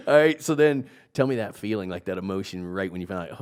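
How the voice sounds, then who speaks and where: A man hosts a laid-back interview, cutting in with jokes and follow-up questions. His voice is on the low side and bursts with energy when he reacts. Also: normal speed, pauses often. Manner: animated, joking, prodding with questions. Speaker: interview host. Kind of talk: casual interview.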